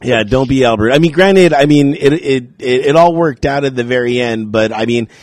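A man telling a story in casual chat, animated and swearing, acting out what people said to him. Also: medium pitch, moderate pace, no room sound.

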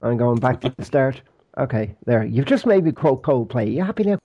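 A man's voice: medium pitch, very animated, fairly quick, warm tone, slightly rough, lo-fi sound. A man co-hosting a podcast, chatting casually with dry, joking banter. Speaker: podcast co-host. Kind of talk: casual chat. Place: rented flat abroad.

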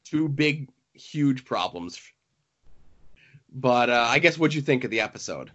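A man's voice: mid-range voice, expressive, measured pace, a bit bright. A man co-hosting a podcast, chatting casually in a wry, playful way. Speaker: podcast co-host. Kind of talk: casual chat. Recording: dull lo-fi audio.

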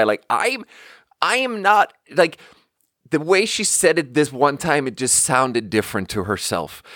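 A young male podcast host tells a story in a casual, rambling, conversational way, saying "like" constantly. His slightly high voice swings widely in pitch at a measured pace with a fairly bright tone, recorded in clean studio sound with no room sound.

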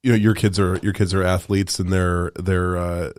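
A man's voice: deep voice, level tone, moderate pace, darkish tone, dry recording. A man hosting a podcast, asking rambling, hesitant questions full of fillers. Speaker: podcast host. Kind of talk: casual podcast conversation.

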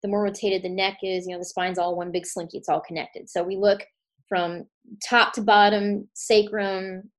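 Woman chatting easy on a podcast, keeps restarting her sentences, middle pitch. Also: little pitch movement, moderate pace. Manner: warm, chatty, many restarts and fillers. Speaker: chiropractor guest. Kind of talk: casual podcast interview.

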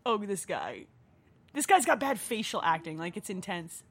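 Sarcastic woman riffing on a movie, husky and bright, lively delivery. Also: medium pitch, moderate pace. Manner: sarcastic, swearing, laughing often. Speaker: movie commentator.

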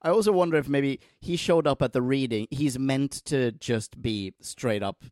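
A man co-hosting a casual podcast chat, animated and laughing often, with quick silly impressions. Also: mid-range voice, no echo, clean studio sound. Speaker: podcast co-host.

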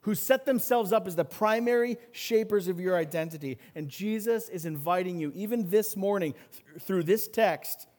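A man preaching an earnest sermon as pastor, rising in intensity and then dropping low. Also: normal speed, a little mellow.

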